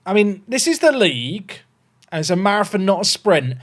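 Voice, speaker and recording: A man's voice: sits high, very animated, normal speed. A man, chatting to his viewers while streaming a game, swinging between casual chat and mock panic. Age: 30s. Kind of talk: live-stream gaming chat.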